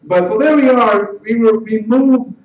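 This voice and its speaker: A middle-aged man from the Los Angeles area telling a personal life story in a halting way, repeating words and restarting sentences. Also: very high voice, fairly even intonation, darkish tone. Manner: halting, repeats words and restarts, voice rising when retelling tense moments. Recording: roomy, distant, dull and slightly noisy.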